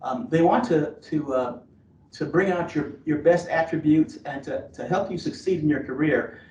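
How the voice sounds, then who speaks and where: A man's voice: a little high, moderate pace, a little mellow. A man speaking as an admissions officer in a webinar, giving earnest advice with many fillers and restarts. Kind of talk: webinar presentation. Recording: roomy, distant, dull lo-fi webinar audio.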